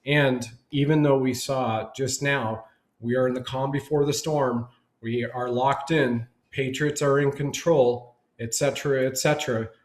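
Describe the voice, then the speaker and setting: A man's voice: medium pitch, steady tone, a little slow, roomy sound, low-quality recording. Man, panel guest, emphatic, rambling run-on sentences, video call audio. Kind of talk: casual panel discussion.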